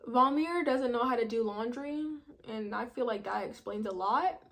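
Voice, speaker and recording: A woman's voice: on the high side, moderate pace, a bit bright. A young woman casually recapping a reality show, chatty and full of slang, acting out what people said. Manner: chatty, slangy, acts out quotes.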